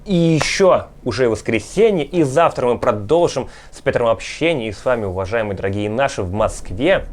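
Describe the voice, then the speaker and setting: A man's voice: medium pitch, lively intonation, fairly quick, hardly any pauses, a little hiss or hum. A man hosting from a studio, wrapping up and thanking viewers in a loose, chatty way. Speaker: host. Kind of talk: casual outro to viewers.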